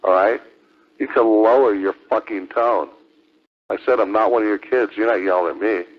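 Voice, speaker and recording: Low-voiced man taunting over lo-fi radio. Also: moderate pace. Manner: taunting, profane, repeats accusations. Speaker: ham radio operator. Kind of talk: heated on-air argument. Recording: lo-fi radio transmission.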